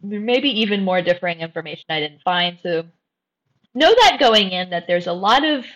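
A woman hosting a podcast and telling a true crime story in a careful, measured way. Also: medium pitch, lively intonation, a bit bright, poor audio. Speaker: host.

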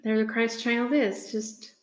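A woman giving an unhurried, earnest devotional talk with many pauses and ums, reading scripture aloud. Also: a little high, flat delivery. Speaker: speaker sharing a faith reflection. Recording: echoey room.

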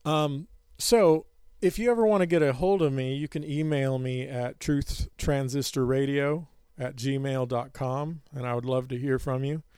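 A man's voice: medium pitch, fairly even intonation, measured pace, few pauses, darkish tone, clean tone, dry recording, clean studio sound. A man hosting a podcast, talking casually with many fillers and a self-mocking humor, then leading a Bible study. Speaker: podcast host.

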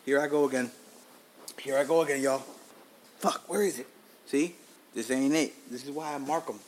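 Male podcast host, 30s, mid pitch, casual, profane, animated storyteller. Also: moderate pace, slight background noise. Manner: profane, animated, tells stories with acted-out quotes.

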